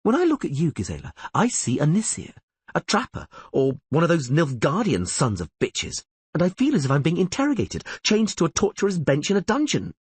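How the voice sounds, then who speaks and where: A man voicing a sharp-tongued, protective young outlaw with a scornful, heated way of talking. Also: a little high, wildly swooping pitch, brisk, breathy edge, no room sound, voice pushed up, heavily acted.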